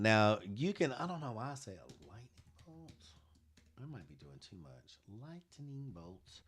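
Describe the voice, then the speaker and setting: Sassy, animated man teaching design. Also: fairly high pitch, a little fast, no room sound, clean studio sound. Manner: playful, sassy, talks to viewers as y'all. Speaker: design tutorial host. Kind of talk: live design tutorial.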